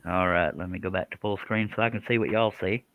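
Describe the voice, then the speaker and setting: A man's voice: low-pitched, steady tone, fast, no echo, narrow, tinny audio. A man hosting a casual woodworking live stream from his workshop, joking about himself and reading viewer comments aloud. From Texas.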